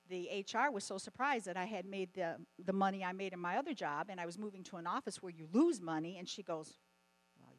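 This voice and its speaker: Lively middle-aged woman preaching a testimony. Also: mid-range voice, poor audio. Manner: animated storytelling with laughs. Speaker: conference speaker. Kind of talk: testimony sermon.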